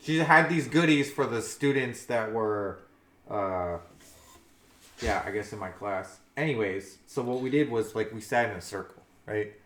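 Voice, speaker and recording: A man's voice: on the low side, a little slow, a bit bright. A man co-hosting a casual talk show, telling stories in a rambling way and laughing often. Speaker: co-host. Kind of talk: casual podcast chat. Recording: echoey room.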